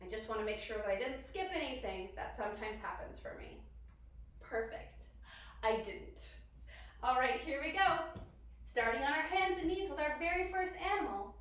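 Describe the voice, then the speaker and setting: A woman's voice: high voice, moderate pace, bright, forceful tone. A woman leading a children's yoga lesson in a playful, sing-song way, coaxing the kids with questions. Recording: echoey room, distant mic.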